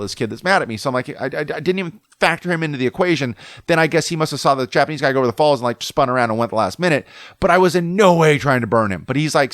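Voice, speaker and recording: A man's voice: mid-range voice, fairly bright tone, no room sound, clean studio sound. A man hosting a podcast, telling a story casually in a rambling, self-mocking way full of swearing and fillers. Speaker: podcast host.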